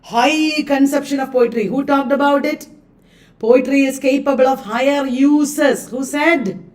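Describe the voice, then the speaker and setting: A woman's voice: sits high, measured pace, darkish tone, distant mic. A woman with an Indian accent coaching students live on literature exam questions, chatty and laughing often, mixing in Hindi words. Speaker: literature teacher.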